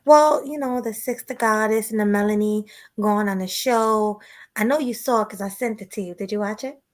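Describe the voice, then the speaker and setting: A woman hosting a casual live-stream chat, relaxed and chatty, thanking her viewers. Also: mid-range voice, moderate pace. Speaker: host.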